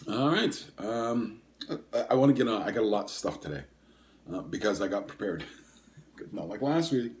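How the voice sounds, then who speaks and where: Low-voiced rambling older man hosting a podcast. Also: expressive, moderate pace, a little hiss or hum. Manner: rambling and hesitant, full of ums and self-corrections. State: coughing and sniffling. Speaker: podcast host. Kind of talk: casual solo podcast chat.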